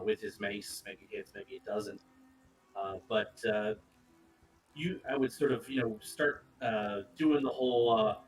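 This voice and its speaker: A man with a lowish voice describes his character's moves in a tabletop game, halting and restarting as he thinks it through. His voice sounds a little set back from the microphone. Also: a bit bright, distant mic, rough recording. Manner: halting, many fillers and restarts. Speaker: player.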